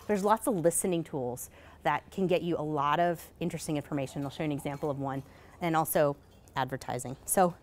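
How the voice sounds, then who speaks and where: A woman giving a conference presentation in a casual, hurried way, full of fillers and asking "right?" as she goes. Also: low-pitched. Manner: casual, many fillers, rhetorical "right?" tags; hurried, self-correcting. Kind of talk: live presentation. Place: conference session.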